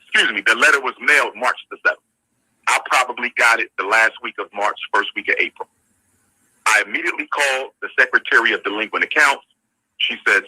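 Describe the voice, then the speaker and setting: A man in an interview, explaining a sequence of events in a measured way. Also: mid-range voice, pushed and bright, slightly rough, no echo, low-quality recording. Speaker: interview guest.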